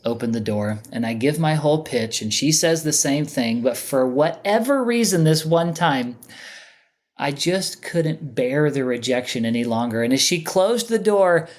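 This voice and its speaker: A man's voice: a little high, moderate pace. A man on a podcast telling a personal story in a candid, conversational way, bringing it to life by acting out what other people said. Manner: animated storyteller who acts out other people's lines. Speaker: podcast guest.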